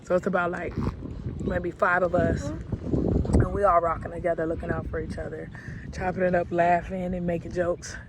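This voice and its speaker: A woman vlogger tells a story in a chatty, unhurried way, full of slang. She talks casually to her viewers. Loud outdoor and traffic noise sits clearly behind her voice. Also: on the low side, flat delivery. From Alabama, US South. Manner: laid-back, slangy and chatty. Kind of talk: storytelling vlog.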